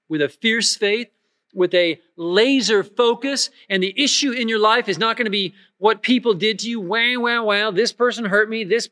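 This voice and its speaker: A man's voice: high-pitched, sharp tone, no room sound, clean studio sound. A middle-aged man preaching a sermon in an earnest, emphatic way, often repeating words as he goes. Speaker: pastor.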